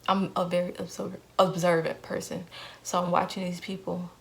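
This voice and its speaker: A woman's voice: lowish voice, flat delivery, normal speed, vocal fry. A young woman vlogger telling a painful personal story in an earnest way, repeating phrases for emphasis.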